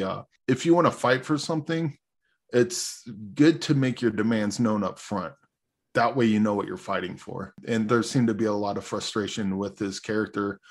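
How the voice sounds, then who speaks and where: Easygoing guy co-hosting a movie podcast, lowish voice, rambles and swears a bit. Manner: rambling, laid-back, swears casually. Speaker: podcast co-host. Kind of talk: casual movie review chat.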